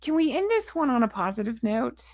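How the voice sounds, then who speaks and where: A woman's voice: a little high, very animated, brisk, dry recording. A woman vlogger in casual chat to camera, frustrated, blunt and ranting, with a chatty, rambling sign-off. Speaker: royal commentary vlogger.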